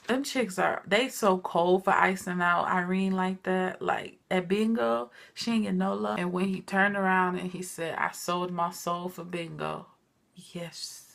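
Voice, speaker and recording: Chatty woman with a gravelly edge. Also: on the low side, a little slow, few pauses. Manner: chatty, animated storytelling, addresses viewers as y'all. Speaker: TV recap vlogger. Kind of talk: casual TV recap chat.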